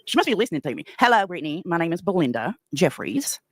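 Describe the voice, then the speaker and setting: A woman with a thick East Tennessee accent tears into a rival on a livestream, brash and profane. Her pitch swoops all over and she talks fast. The sound is dry and close. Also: very animated, breathy edge, no echo. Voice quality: brash, profane Southern drawl. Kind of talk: profane confrontational livestream rant.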